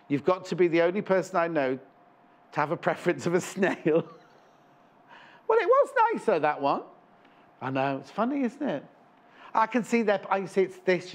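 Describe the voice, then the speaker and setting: Chatty guy selling fabric on live tv, goofy asides, voice on the higher side. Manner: chatty, jokey, rambling asides. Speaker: shopping channel presenter. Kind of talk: live TV sales chat. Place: TV studio.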